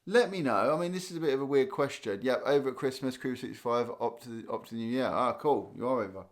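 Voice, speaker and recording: A man's voice: mid-range voice, fast. A man from Guernsey hosting a casual live stream, tired and chatting loosely as he reads viewer comments aloud. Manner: chatty, rambling, thinks aloud with restarts and small laughs. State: tired, yawning. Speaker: livestream host.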